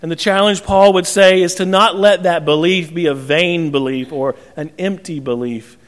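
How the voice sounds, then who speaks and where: In a church sanctuary, a male pastor preaches a sermon, telling a parable in storytelling style and acting out its characters' voices. His voice is on the high side, with a steady tone and normal speed. The recording carries the sanctuary's long reverb.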